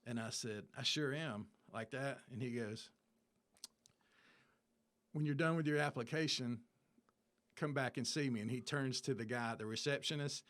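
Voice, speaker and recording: Give me a man telling a lively story, acting out the voices. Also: medium pitch, moderate pace, long pauses. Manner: animated storyteller, acts out dialogue. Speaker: interview guest. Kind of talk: casual storytelling interview.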